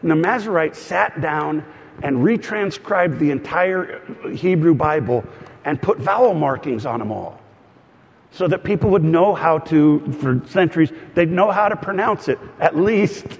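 A man's voice: a little high, gravelly. A man preaching as a pastor, teaching in a conversational way with humorous asides and frequent fillers and restarts. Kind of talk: teaching sermon. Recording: long hall reverb.

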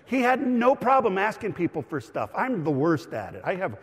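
A middle-aged male pastor preaching a lively sermon, explaining words and raising his voice for emphasis. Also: high voice, normal speed, breathy edge, in a large hall. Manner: animated, shouts for emphasis, teaching aside.

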